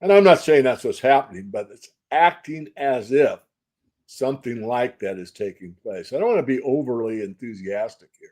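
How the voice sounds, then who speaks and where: An older man answering interview questions as a market analyst, measured and folksy, repeating phrases for emphasis. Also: medium pitch, lively intonation, darkish tone. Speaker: silver market analyst guest.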